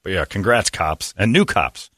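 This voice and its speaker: A middle-aged man hosting a radio talk show, telling a lively story and acting out the people in it. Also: low voice, moderate pace, slight background noise. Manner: animated storyteller acting out quotes. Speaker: radio host.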